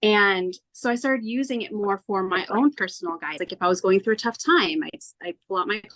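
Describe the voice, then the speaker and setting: A woman being interviewed as a tarot reader, telling her story in an earnest, animated way and acting out her own past thoughts. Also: mid-range voice, fairly quick. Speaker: tarot reader, podcast guest.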